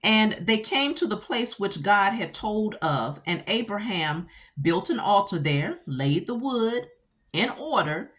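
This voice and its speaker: Animated woman teaching scripture. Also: mid-range voice, takes it slowly. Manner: animated, peppered with rhetorical questions. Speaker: Bible teacher.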